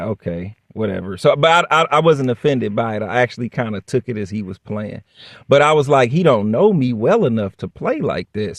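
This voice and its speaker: A man's voice: medium pitch, no room sound, studio quality. A man casually telling a workplace story straight to the camera, blunt and profane, acting out both sides of the dialogue. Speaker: vlogger.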